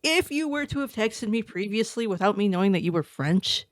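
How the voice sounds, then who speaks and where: A woman streamer chatting casually with her viewers, excitable and quick to laugh. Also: mid-range voice, dry recording, clean studio sound. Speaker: live streamer. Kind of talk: casual live-stream chat reading viewer messages.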